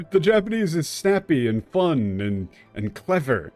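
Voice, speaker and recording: Animated male game streamer. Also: a little high, measured pace, hardly any pauses, soft background music. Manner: animated, laughing often, comparing translations. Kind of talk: casual gameplay commentary.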